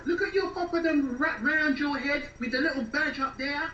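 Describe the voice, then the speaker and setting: An actor in a radio drama playing a defensive, jobless English boyfriend who talks in a whiny, rambling way with an English accent. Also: male voice, normal speed, sharp tone, a little hiss or hum. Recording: echoey, distant, dull low-fi.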